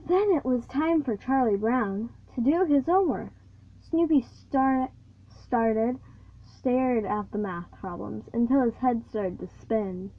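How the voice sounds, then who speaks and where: Halting girl reading aloud, tinny sound. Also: on the high side. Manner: halting, stumbles and restarts words. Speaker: reader. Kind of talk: reading a picture book aloud. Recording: tinny phone-like recording.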